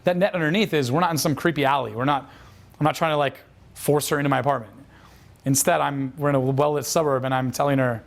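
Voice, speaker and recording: A man's voice: medium pitch, fairly even intonation, fast talker, creaky. A man telling a dating coach's story as a lesson, casual and profane, with lots of fillers. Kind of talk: instructional storytelling.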